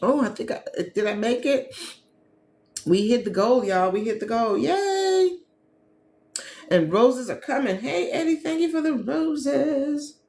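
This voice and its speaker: Animated woman hosting a chatty livestream. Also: high voice, a little slow, slight background noise. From Gary, Indiana, USA. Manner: chatty, animated, talks straight to viewers as "y'all". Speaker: host, travel agent and business coach. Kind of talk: casual livestream chat with viewers. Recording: echoey room with faint ambience.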